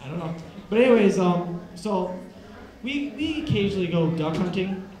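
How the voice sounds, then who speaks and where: A young man performing a rambling, excitable stand-up set in front of a live audience. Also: high voice. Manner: rambling, excitable, loose and casual. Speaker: stand-up comedian. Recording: echoey room with crowd audible.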